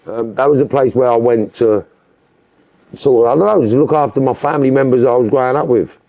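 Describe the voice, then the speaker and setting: A man with a Liverpool accent, an interview guest telling his story in a lively, animated way, swearing freely. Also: medium pitch, fast, no room sound, muffled recording. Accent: Liverpool (Scouse). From Liverpool, England. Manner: animated, swears freely, mimics other voices.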